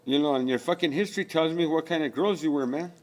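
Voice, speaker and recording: A man's voice: fairly high pitch, fast talker. A man delivering a rambling spiritual rant, profane and preachy, full of rhetorical questions.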